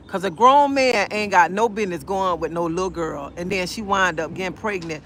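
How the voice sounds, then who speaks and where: A woman, chatting on a phone live stream outdoors in a park. She talks in an outspoken, animated way and answers viewer comments as she goes. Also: lowish voice, a little fast, hardly any pauses, a little hiss or hum. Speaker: livestreamer. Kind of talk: casual live-stream chat.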